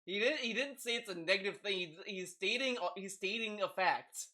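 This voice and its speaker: A man streaming live and reacting to videos, talking in an excitable, stammering way. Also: high voice, brisk. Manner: animated, excitable, stammering repeats.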